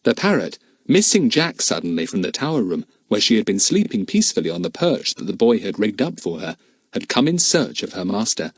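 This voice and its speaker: A man reads a children's adventure story aloud with a lively, rising and falling delivery. His voice has a husky grain at middling pitch. The recording is dry and close. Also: a little fast, no room sound. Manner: expressive, animated reading. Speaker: audiobook narrator. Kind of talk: storybook narration.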